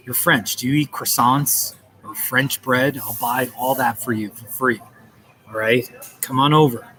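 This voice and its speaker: A man's voice: mid-range voice, a bit bright, poor audio. A man chatting casually on a live stream from a coffee shop, greeting viewers by name in a playful, chuckling way.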